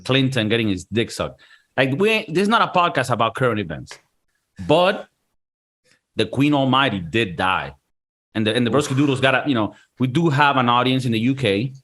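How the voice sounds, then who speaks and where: A man hosting a casual podcast with his friends, loose, profane and joking. He slips into goofy put-on voices now and then, and his pitch sits in the ordinary middle range. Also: expressive, brisk, a bit bright. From Venezuela. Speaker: podcast host.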